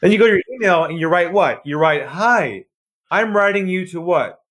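Animated man acting out sales stories. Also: moderate pace. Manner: animated storyteller, acts out phone calls, drops voice low for effect. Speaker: sales trainer guest. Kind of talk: podcast interview storytelling.

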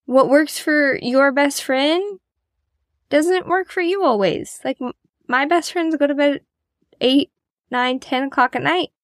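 A woman's voice: high voice, unhurried, dry recording, studio quality. A woman hosting a podcast, talking in a casual, encouraging and self-deprecating way as she motivates her listeners. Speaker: podcast host.

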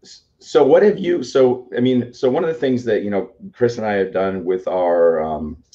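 A man's voice: lowish voice, normal speed, warm tone. A man co-hosting a talk show and asking rambling questions over a video call. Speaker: podcast co-host and coach. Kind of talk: casual interview questions. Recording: dull lo-fi audio.

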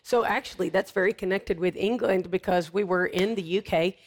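A woman's voice: on the low side, brisk. A woman, a guest preacher speaking in a talk show interview, emphatic and fervent with wry humor. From Florida, United States.

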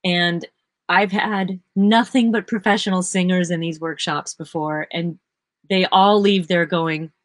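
Animated, dry-sounding woman session singer. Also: lowish voice, unhurried, dry recording. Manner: animated storyteller who acts out quotes, laughs often. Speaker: session singer and vocal workshop teacher. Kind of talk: casual interview chat.

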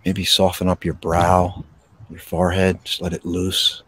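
Calm low-voiced man guiding meditation. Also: husky. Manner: slow, soothing, calm delivery with pauses. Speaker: podcast host and meditation guide. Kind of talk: guided breathing meditation. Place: outdoors in a park. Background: birds.

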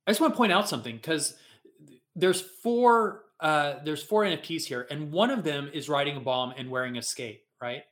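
A man hosts a casual livestream podcast, talking in a slightly higher register. He rambles along in an upbeat, chatty way, circling back to his points. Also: expressive, moderate pace, a bit bright. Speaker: podcast host.

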